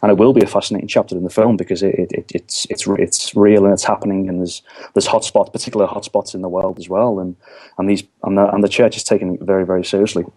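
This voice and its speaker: Halting man with a lowish voice. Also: fairly even intonation, dark tone, breathy edge. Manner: halting, many repeated restarts. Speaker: film director guest. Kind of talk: casual interview chat.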